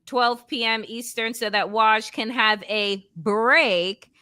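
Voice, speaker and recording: A woman's voice: a little high, slow pace, dry recording. A woman hosting a political talk show, signing off with effusive thanks to viewers and her co-host. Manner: warm, effusive sign-off. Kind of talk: casual chat, show sign-off.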